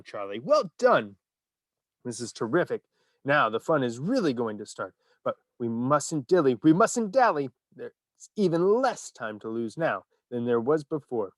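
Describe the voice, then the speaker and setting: A man's voice: mid-range voice, no echo, lightly acted. Mister Wonka, a man doing an exuberant eccentric candy maker. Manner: exuberant, theatrical, rapid bursts of enthusiasm. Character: eccentric excitable male candy maker, cheerful and showy. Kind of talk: storybook reading.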